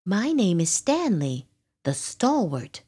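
A woman puts on a clumsy little boy dragon from a storybook, whose hurt feelings spill out as high, blustering bravado. He talks slowly and his voice leaps up and down. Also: very animated, mellow, breathy edge, full character voice. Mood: timid. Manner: puffed-up bravado, high and pleading. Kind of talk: storybook read-aloud.

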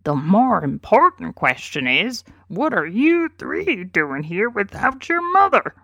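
A woman's voice: mid-range voice, big pitch swings, slow, pushed and bright, no room sound, full character voice. A woman voicing a mud-covered warthog uncle in a storybook, stern and grown-up.

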